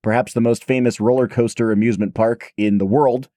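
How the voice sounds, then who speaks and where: A man in his thirties co-hosting a podcast in casual chat, his voice hoarse and raspy, telling stories in a chatty, self-deprecating way. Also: mid-range voice, fairly even intonation, brisk, warm tone, no room sound, studio quality. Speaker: podcast co-host.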